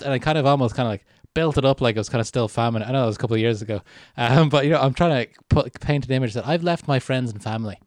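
Casting: young Irish male podcast co-host, animated storyteller, mid-pitched, dry close sound. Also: racing, few pauses, no echo. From Ireland. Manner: animated storytelling, puts on voices in anecdotes, laughs often. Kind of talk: casual chat.

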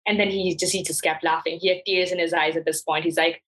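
Young woman telling a lively story. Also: on the low side, quick pace, poor audio. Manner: animated, laughs often, acts out quoted voices. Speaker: guest. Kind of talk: casual conversational storytelling.

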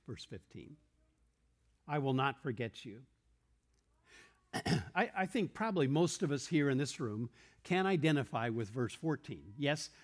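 A man preaching a sermon in a church room, earnest and explanatory, posing questions and quoting verses to the congregation. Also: on the high side.

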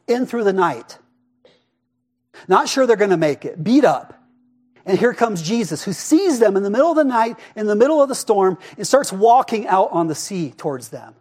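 A pastor delivers a sermon in a loose, conversational manner, peppering his points with quick rhetorical checks. His voice sits high for a man, and he sinks to a near hush when he wants a line to land. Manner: conversational preaching, frequent rhetorical "right?"; expressive, drops to a hush for emphasis.

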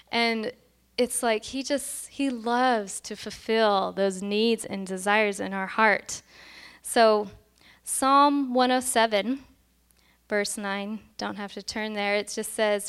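Woman preacher, 40s, chatty and animated, smooth clear tone. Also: on the high side. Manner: conversational and animated, acting out quoted voices. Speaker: speaker at a church gathering. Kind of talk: casual sermon.

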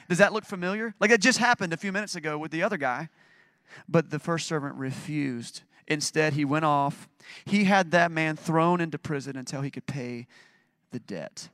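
A man's voice: a little high, moderate pace, a bit bright, no echo, studio quality. Emphatic conversational male pastor. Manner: conversational, emphatic preaching with dramatic readings. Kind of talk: sermon.

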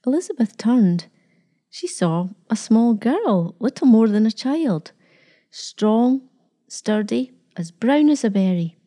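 Woman with a very dark, mellow voice. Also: a little high, very animated, slow pace. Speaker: narrator. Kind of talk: storybook reading.

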